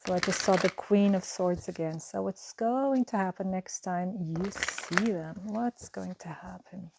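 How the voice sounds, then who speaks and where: A woman's voice: mid-range voice, unhurried, background noise. A woman giving an earnest, reassuring tarot reading to camera, musing and repeating her phrases as she goes. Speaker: tarot card reader.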